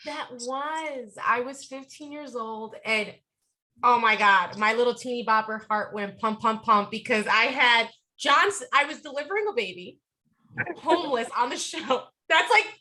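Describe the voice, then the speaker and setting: Bright, lively New York woman. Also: on the high side, a little slow, slight background noise. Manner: lively, laughs often, animated storytelling. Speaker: actress guest. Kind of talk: casual interview chat.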